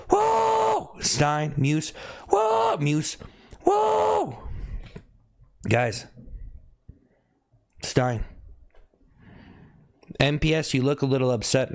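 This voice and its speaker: A male streamer who keeps prodding his viewers with the same mocking questions over and over. His voice sits at a middling pitch, and he suddenly breaks off into high yelps. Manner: teasing, repetitive needling questions. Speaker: live streamer. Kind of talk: live stream chat banter.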